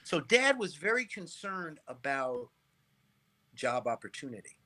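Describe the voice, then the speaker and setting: Animated middle-aged male storyteller. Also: on the high side, unhurried. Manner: animated storyteller, repeats and restarts phrases, checks in with "right?". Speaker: interview guest. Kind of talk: casual interview storytelling.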